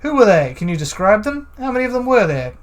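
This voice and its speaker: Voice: medium pitch, very animated, quick pace, voice pushed up, natural voice. A let's-play narrator voicing a brash male detective who questions bluntly and impatiently.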